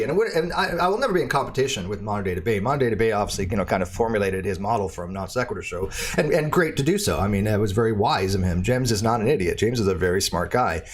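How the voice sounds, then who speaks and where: A man hosting a casual livestream, talking in a rambling, halting way with lots of ums and repeated words. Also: lowish voice, slight background noise. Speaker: channel host; debate show moderator.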